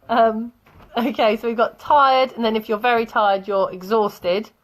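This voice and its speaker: In an online English vocabulary lesson, a woman teacher speaks in a slightly high voice with a steady tone and slow pace. She teaches in a chatty manner, laughing often and sharing anecdotes.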